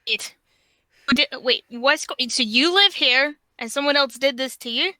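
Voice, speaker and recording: A woman's voice: sits high, a little slow, pushed and bright, no echo. A woman playing a tabletop game in character, speaking firmly and matter-of-factly. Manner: firm, matter-of-fact. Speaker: player.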